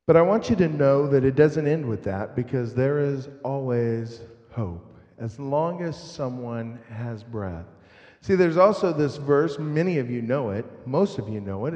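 A man's voice: mid-range voice, darkish tone. A man preaching a sermon, reading scripture aloud with emphasis and leading the congregation to repeat a verse. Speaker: pastor. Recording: echoey hall, muffled, lo-fi.

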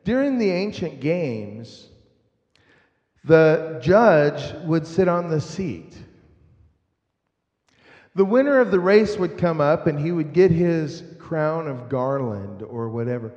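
A man's voice: a little high, expressive, slow, a little mellow. A man preaching a sermon, reading scripture aloud with emphasis and leading the congregation to repeat a verse. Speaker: pastor. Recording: echoey hall, muffled, lo-fi.

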